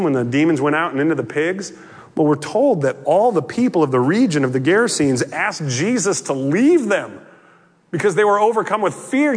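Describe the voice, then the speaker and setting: A male pastor preaching a sermon, telling the story in an animated way with frequent conversational asides. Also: a little high, slightly rough, in a large hall.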